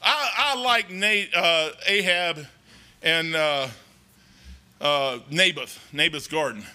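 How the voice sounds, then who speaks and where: A man's voice: fairly high pitch, takes it slowly, bright, forceful tone. A man preaching a folksy, rambling sermon in a church, talking emphatically and conversationally.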